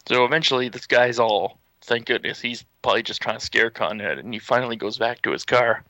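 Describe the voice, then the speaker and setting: A man's voice: mid-range voice, fairly quick, few pauses, no echo. A young man streaming and telling a funny story casually, laughing and swearing. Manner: animated, laughing, profane.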